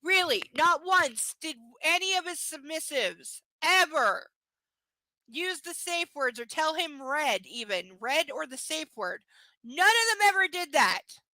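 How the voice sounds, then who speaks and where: A woman's voice: sits high, big pitch swings, measured pace, pushed and bright, dry recording, poor audio. Sarcastic woman reading a book aloud. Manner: sarcastic, swears freely. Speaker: book reader.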